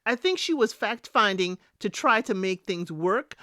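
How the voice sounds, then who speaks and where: A woman's voice: medium pitch, a little slow, no room sound, clean studio sound. A woman, casually recapping a reality show for her listeners and talking straight to them. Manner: animated, chatty, addresses listeners as y'all. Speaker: recap podcast host.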